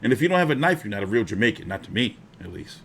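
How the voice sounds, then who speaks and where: A man's voice: lowish voice, very fast, husky. A young man hosting a boxing live stream, telling stories in casual, profane slang. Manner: profane, animated storytelling with slang.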